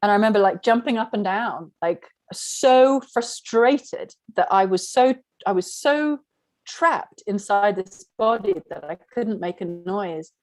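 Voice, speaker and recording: A middle-aged spiritual workshop teacher, speaking to an online class, wanders candidly through a story from her own life, with "like" everywhere. Her medium-pitched voice is animated, unhurried and a little mellow, captured in a dry recording.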